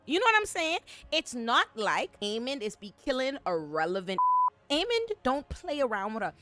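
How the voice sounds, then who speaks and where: Animated, slangy woman recapping a show. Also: fairly high pitch, moderate pace. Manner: animated, slangy, profane, laughing. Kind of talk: comedic episode recap commentary.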